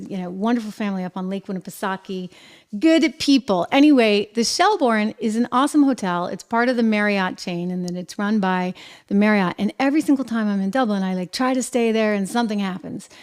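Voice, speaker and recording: A middle-aged woman hosting her own show, talking in a chatty, upbeat monologue full of lively asides. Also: medium pitch. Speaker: show host. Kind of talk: casual monologue to camera.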